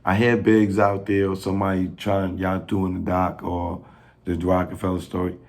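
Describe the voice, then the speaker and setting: A man in a casual rant to camera, pleading and joking, with slang and sudden rises in pitch when he gets worked up. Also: completely flat delivery, darkish tone. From New York. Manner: slow, pleading, street slang, laughs at own jokes, pitch jumps when worked up. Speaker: filmmaker addressing industry figures.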